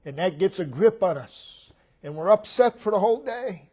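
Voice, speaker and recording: An American man preaching a sermon, slow and emphatic, repeating short phrases and swinging between loud declarations and hushed tones. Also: sits high, animated, slightly rough.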